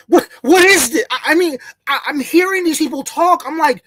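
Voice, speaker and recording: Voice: high voice, normal speed, fairly bright tone, no echo. A channel host giving a heated, profane solo commentary, full of sarcasm and mocking imitations of others. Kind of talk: solo ranting commentary to camera. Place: in the United States.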